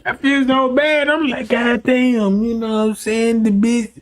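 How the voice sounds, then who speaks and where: A man livestreaming, telling a profane, rambling story to his chat, dropping to low mutters and then shouting. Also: moderate pace. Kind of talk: casual storytelling to a live chat.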